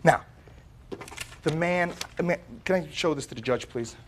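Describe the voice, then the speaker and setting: A man's voice: fairly high pitch, normal speed, a little hiss or hum. A man, the plaintiff in a small claims court show, animatedly recounting his case and acting out what others said. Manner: dramatic, acts out quoted dialogue. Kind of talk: animated storytelling testimony.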